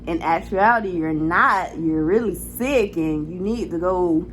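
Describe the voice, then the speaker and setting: A woman's voice: lowish voice, unhurried, a little hiss or hum, poor audio. A young adult woman talking candidly to her camera in a casual vlog, frank and chatty with some swearing. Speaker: vlogger.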